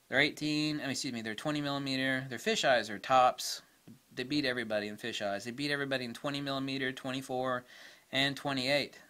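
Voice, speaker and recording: A man's voice: mid-range voice, sharp tone. A man ranting to camera in a casual, blunt way, opinionated and laughing at his own jokes. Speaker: camera vlogger.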